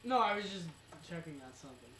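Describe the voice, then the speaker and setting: Giggly co-host with a lively voice. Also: medium pitch, recorded from a distance. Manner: playful and giggly, quick to tease. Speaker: co-host of a wrestling recap show. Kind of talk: casual recap chat. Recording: roomy amateur recording with faint noise.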